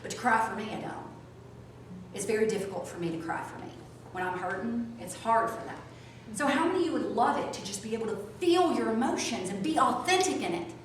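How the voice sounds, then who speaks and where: A woman teaching a small group, swinging from soft asides to loud outbursts. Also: fairly high pitch, very animated, fast talker. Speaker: spiritual teacher. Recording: echoey room from a distance, faint noise.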